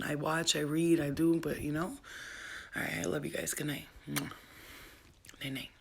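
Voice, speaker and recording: Woman livestreamer, low gravelly voice, slangy, profane, affectionate home chat. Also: level tone, moderate pace, long pauses. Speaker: spiritual healer selling boxes on a livestream. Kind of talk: casual late-night livestream chat.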